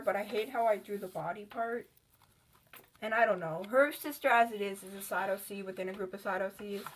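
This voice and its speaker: A woman's voice: mid-range voice, slight background noise. A woman chatting casually in a vlog about her sketchbook, rambling and filling with "like". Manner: rambling, with many "like" fillers. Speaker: artist showing her sketchbook.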